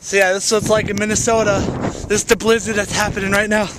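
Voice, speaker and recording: A young man vlogging outdoors in deep snow on a handheld camera, excitable and breathless. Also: racing. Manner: excitable, shouting and exclaiming in bursts. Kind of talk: casual vlog to camera. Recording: wind and snow noise outdoors. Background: blizzard wind noise.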